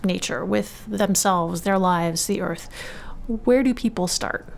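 A woman hosting an interview, asking measured, guiding questions. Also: medium pitch, creaky. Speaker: interviewer host.

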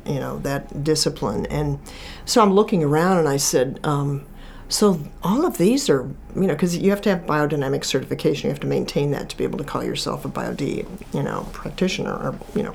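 Low-voiced chatty woman telling stories. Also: fairly quick, creaky, darkish tone, slight background noise. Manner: chatty storyteller, many restarts and fillers. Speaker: author guest. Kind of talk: casual interview talk. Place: from Chicago.

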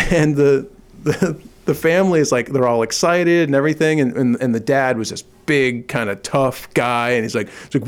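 A man's voice: medium pitch, moderate pace, clean tone. Middle-aged male interview guest, earnest and upbeat, plain mid-range voice, casual and restarting. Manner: earnest and enthusiastic, with frequent restarts. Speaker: kindness advocate, guest. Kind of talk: casual interview talk, storytelling.

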